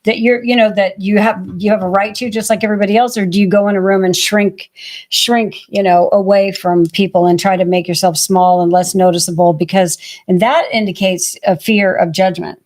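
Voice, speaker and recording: A woman co-hosting a podcast in relaxed casual chat, talking through a list of prompts. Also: mid-range voice, brisk. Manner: relaxed, talks through lists of prompts, uses fillers like "you know". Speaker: podcast co-host.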